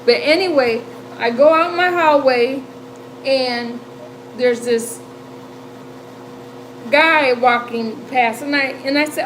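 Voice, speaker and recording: A woman in her fifties hosting a livestream, telling a story in a chatty, animated way and laughing often. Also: high voice, takes it slowly, pauses often, slight background noise, rough recording. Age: 50s. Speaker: livestream host. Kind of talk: casual storytelling chat. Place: home.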